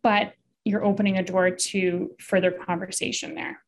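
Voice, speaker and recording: Woman therapist explaining, halting and chatty. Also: fairly low pitch, flat delivery. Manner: explanatory, many fillers and restarts. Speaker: couples therapist. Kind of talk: casual podcast chat.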